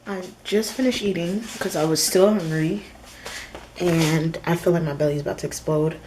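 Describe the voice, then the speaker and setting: A woman's voice: deep voice, fairly even intonation, normal speed, background noise. A woman vlogging in a casual, chatty way, talking straight to her viewers. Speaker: lifestyle vlogger. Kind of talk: casual vlog chat to camera.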